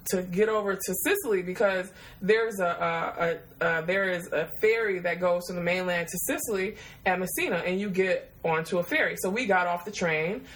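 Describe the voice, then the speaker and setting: A woman's voice: lowish voice, normal speed, hardly any pauses, fairly bright tone, rough recording. Profane, laughing woman telling a story. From Detroit, USA. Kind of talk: casual storytelling.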